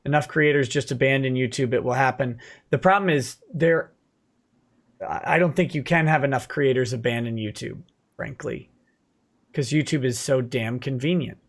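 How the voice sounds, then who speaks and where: Guy hosting a late night stream, reads chat out loud, dry little comebacks, normal pitch. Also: normal speed. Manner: reads viewer messages aloud, then answers with dry quips. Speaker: livestream host reading viewer comments.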